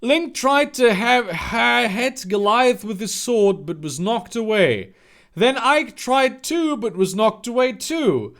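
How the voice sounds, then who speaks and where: A man reads a story aloud for laughs, stopping now and then for sarcastic, disbelieving asides. His voice is fairly high and very expressive, and he takes an unhurried pace. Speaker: channel host reading a story aloud. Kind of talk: comedic dramatic reading with commentary.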